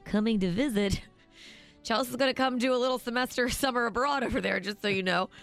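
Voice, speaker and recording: A woman's voice: on the high side, quick pace, a bit bright, faint music behind. A woman co-hosting a radio show, teasing her partner with casual, exasperated banter.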